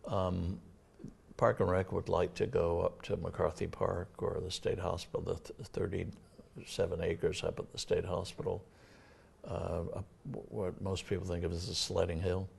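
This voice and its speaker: Older Massachusetts man, very low and flat, husky and gravelly; halting town official on local TV. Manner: halting, many fillers and restarts. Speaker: town administrator. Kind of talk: casual local TV interview.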